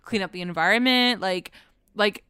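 A young woman co-hosting a casual TV recap podcast, animated and swearing as she mockingly acts out characters. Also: mid-range voice, moderate pace, clean tone, dry recording, clean studio sound. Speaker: podcast co-host.

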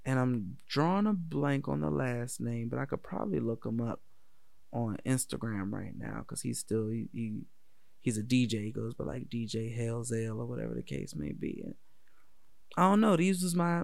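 Gravelly dc guy telling an old story, laid back, swears a lot, laughs, dry sound. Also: mid-range voice, normal speed, darkish tone, no room sound. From Washington, D.C. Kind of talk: casual personal storytelling.

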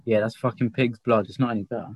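A man's voice: medium pitch, steady tone, quick pace, no room sound, muffled recording. A laid-back young man with an ordinary mid-range voice. He hosts casual podcast talk and swears easily through the banter. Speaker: podcast host.

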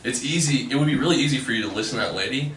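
A man's voice: mid-range voice, rapid-fire, a bit bright. A man in his twenties hosting a casual chat, reflective and filling his talk with "like.". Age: 20s. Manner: reflective, heavy use of "like". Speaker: podcast host. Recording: echoey room, mic at a distance, faint noise.

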